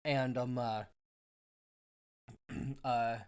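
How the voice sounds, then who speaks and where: A man's voice: medium pitch, steady tone, drawn-out words, darkish tone, clear, resonant tone. Rambling man recapping a book. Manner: rambling, many ums and uhs, jokey paraphrases. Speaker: podcast co-host. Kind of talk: casual book club recap.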